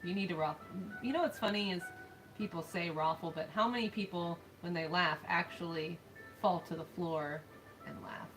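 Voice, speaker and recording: A woman's voice: lowish voice, moderate pace, a bit bright, soft background music, rough recording. A woman co-hosting a live stream, chatting casually while gaming and reading chat aloud, laughing often. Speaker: streamer co-host.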